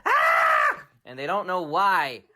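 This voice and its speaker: A man hosts a children's story podcast, spinning an improvised tale full of shouted sound effects and dramatic whispered asides. His voice sits at a medium pitch and he takes his time.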